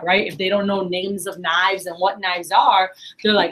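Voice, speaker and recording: Young woman running a sales training, talks fast and casual, lots of "like" and "right?", plays the customer now and then. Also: medium pitch, low-quality recording. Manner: chatty and energetic, quizzes the room, acts out customers. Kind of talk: workshop teaching talk. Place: meeting room, in front of a group.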